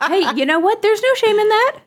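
Woman podcast co-host, tired, deadpan dark humor, pitch swings a lot. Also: brisk. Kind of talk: casual comedic chat.

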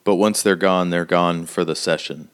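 A man's voice: low-pitched, steady tone, moderate pace, clean tone. A man narrating as game master in a laid-back, rambling way.

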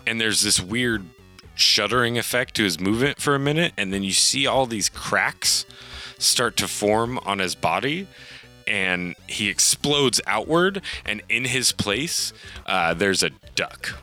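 A man's voice: fairly low pitch, animated, unhurried, pushed and bright, faint music behind. A man narrating a tabletop game as game master, loosely, with frequent fillers and laughs.

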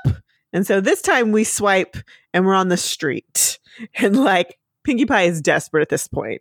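Brief: giggly, chatty woman co-host, lively pitch, dry close sound. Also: moderate pace, slightly rough, dry recording. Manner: animated and giggly. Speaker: podcast co-host. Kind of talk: casual episode recap chat.

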